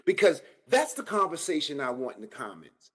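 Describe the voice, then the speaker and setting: Husky animated podcast host, a man. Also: on the high side, brisk. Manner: animated, addresses viewers directly with slang. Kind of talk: solo fight-analysis podcast.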